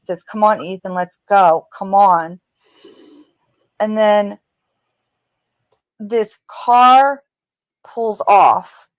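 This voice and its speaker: A woman's voice: mid-range voice, dry recording. A woman reading out what she hears on a recording, line by line, with hesitant fillers between quotes. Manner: recounts quoted lines flatly, with hesitant fillers. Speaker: recording analyst narrator. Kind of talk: reading out an audio transcript.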